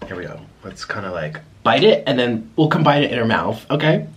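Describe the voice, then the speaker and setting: A man talks casually to his camera as he eats, his words often muffled by food. He sounds apologetic and chatty, with a voice of ordinary pitch. A faint hiss sits under the recording. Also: very animated, fairly quick. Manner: chatty and apologetic, talking between bites with a full mouth. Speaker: mukbang vlogger. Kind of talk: casual talk while eating on camera.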